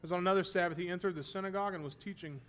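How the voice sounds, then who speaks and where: Male Bible teacher, slightly high voice, lecture style, checks in with students. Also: fairly even intonation, rapid-fire, fairly bright tone. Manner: explains terms, checks if students follow; self-deprecating humor.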